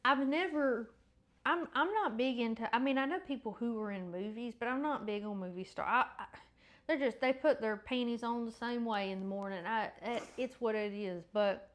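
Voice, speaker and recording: Woman podcast host, chatty faith talk, higher-pitched, slightly congested. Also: moderate pace. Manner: rambling, self-correcting, chatty. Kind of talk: casual faith chat and Bible reading.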